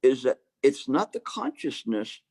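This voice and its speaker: A man giving a Chan meditation dharma talk, halting with restarts and fillers, with gentle humor. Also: medium pitch, big pitch swings, vocal fry, breathy edge, no room sound. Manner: hesitant, many restarts and fillers.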